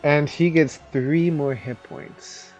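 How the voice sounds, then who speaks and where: A man's voice: a little high, steady tone, takes it slowly, darkish tone, lo-fi sound, faint music behind. A man running a tabletop game as game master, narrating with playful laughter.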